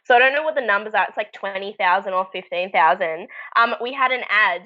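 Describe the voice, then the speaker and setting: A woman's voice: medium pitch, fast, dull audio. A young woman from Tasmania with an Australian accent, a bubbly, giggly guest on a casual video-call chat. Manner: bubbly, giggly, self-mocking.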